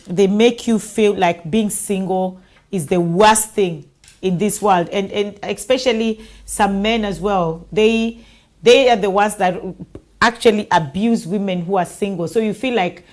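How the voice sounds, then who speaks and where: A woman's voice: mid-range voice, unhurried, a little mellow. A woman hosting an online talk show, speaking conversationally and reading out viewer comments.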